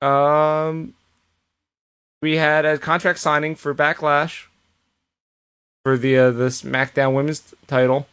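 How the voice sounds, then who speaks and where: A man with a slightly raised voice co-hosts a podcast. He talks through wrestling recaps in a loose, animated way and slips into quoted lines and restarts as he goes. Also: a little high, slow pace, long pauses, clean tone. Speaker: podcast co-host. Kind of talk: casual wrestling recap chat.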